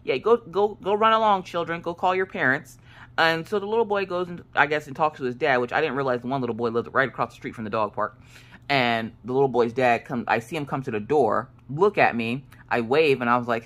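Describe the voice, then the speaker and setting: A woman in her late thirties, a crafting vlogger, telling a story in casual chat with a sassy, animated manner and acted-out quotes. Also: extremely low pitch, brisk. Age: 30s.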